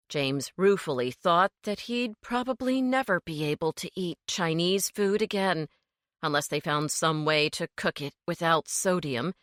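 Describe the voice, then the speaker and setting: Bright, expressive woman audiobook narrator. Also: fairly low pitch, no room sound, clean studio sound. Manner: expressive storytelling. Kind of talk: scripted narration.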